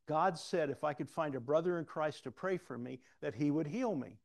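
A man speaking as an earnest, limping older man who keeps insisting on his faith, in a gravelly voice. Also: on the high side, moderate pace. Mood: insistent.

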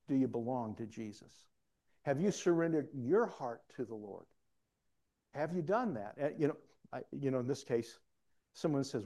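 A middle-aged man gives a sermon built around personal stories, speaking at normal speed in an expressive mid-range voice. He swings from soft asides to loud exclamations.

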